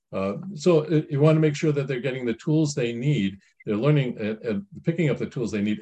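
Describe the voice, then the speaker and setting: Middle-aged guy giving church family advice, folksy and rambling, lots of restarts, average pitch. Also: a little mellow. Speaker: speaker giving Christian family counsel. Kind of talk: informal spiritual talk, commenting on a reading.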